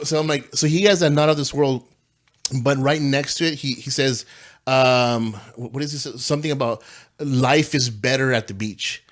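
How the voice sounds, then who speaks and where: A man who is a pastor, telling stories in a casual podcast chat, slangy and animated, saying "bro" and "dude". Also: a little high.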